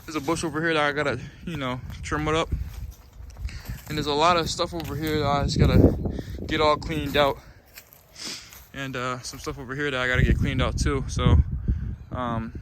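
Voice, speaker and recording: A man's voice: on the high side, fairly even intonation, moderate pace, pauses often. A man walking through a backyard job he is vlogging, talking loosely with lots of fillers, a little out of breath. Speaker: landscaping business owner vlogging a job. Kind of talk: casual vlog walkthrough. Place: outdoor backyard. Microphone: phone camera. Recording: noisy outdoor phone recording.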